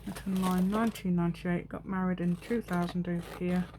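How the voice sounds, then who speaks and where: A woman's voice: lowish voice, steady tone, fairly quick, dark tone, slight background noise. Chatty, rambling woman in her fifties. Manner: rambling, talks to herself while working, laughs often. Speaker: craft vlogger. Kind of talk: chatty crafting vlog.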